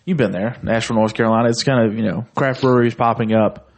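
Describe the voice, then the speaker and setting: A young man from Tennessee rambles through crude stories in casual podcast chat. His voice sits at an ordinary middle pitch, and he swears freely and laughs often as he talks. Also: steady tone, fast talker. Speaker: podcast co-host.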